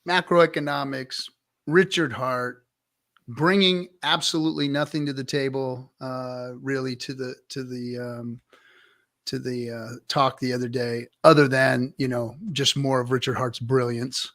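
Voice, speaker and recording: A man's voice: medium pitch, fairly bright tone. Blunt, profane man lecturing. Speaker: podcast co-host. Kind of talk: casual crypto chat.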